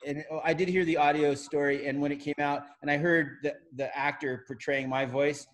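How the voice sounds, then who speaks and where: A man's voice: a little high, little pitch movement, normal speed, few pauses, fairly bright tone. A man hosting a casual group video call, asking easygoing questions and laughing along. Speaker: podcast host.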